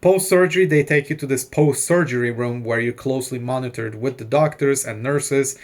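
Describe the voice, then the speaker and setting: In a mid-range voice at normal speed, a vlogger in his thirties rambles through a long personal story. The casual telling is loaded with fillers like "like" and plenty of swearing.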